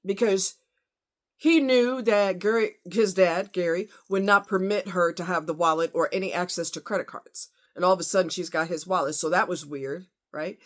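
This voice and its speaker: A woman's voice: lowish voice, moderate pace. A woman hosting a casual true crime vlog, talking bluntly and heatedly to her viewers. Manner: blunt, outspoken, fired-up; talks to viewers as y'all and honey.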